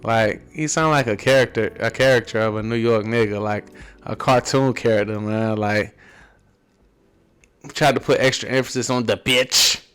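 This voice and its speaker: A man's voice: medium pitch, moderate pace, fairly bright tone, clean tone, faint music behind. A man hosting a reaction commentary, talking in a laid-back drawl and often ending lines with "man". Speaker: commentary channel host.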